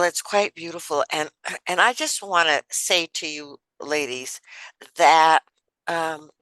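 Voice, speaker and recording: A woman's voice: sits low, sharp tone, no room sound, rough recording. A woman hosting an interview, animatedly retelling an anecdote to her guest. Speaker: podcast host. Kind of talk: interview chat.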